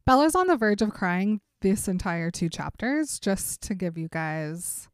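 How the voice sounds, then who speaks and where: A woman co-hosts a casual podcast and retells a book plot in an animated way, laughing often. Her voice is smooth and resonant, recorded dry and close with no room sound. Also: medium pitch, a little slow, no echo. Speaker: podcast co-host. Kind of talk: casual book recap chat.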